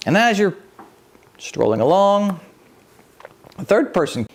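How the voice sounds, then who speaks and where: Lively gravelly preacher man. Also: sits high, takes it slowly, pauses often. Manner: animated storytelling, acts out the people in the story. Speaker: pastor. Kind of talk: conversational sermon.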